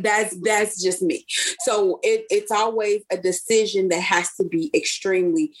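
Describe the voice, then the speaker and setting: A young woman from Chicago casually telling a personal story, acting out the voices of the people she quotes. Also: mid-range voice. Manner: animated storyteller who acts out quoted speech. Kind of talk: casual chat.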